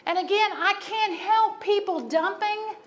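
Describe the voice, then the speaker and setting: A woman's voice: very high-pitched, measured pace, highs cut off. A woman pastor preaching a sermon, telling a personal story with humor and emphatic repetition.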